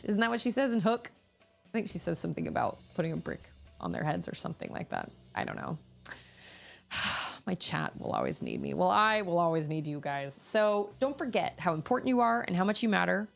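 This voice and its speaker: Low, gravelly-voiced woman streamer chatting. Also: big pitch swings, brisk, soft background music. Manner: rambling, chatty, with frequent restarts and laughter. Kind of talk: casual chat with stream viewers.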